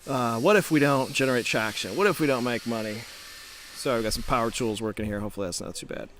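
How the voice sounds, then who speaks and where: A man's voice: medium pitch, fast, fairly bright tone, a little hiss or hum. A middle-aged man giving a casual motivational talk to camera, reflective, with restarts and rhetorical questions. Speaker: startup founder and coach.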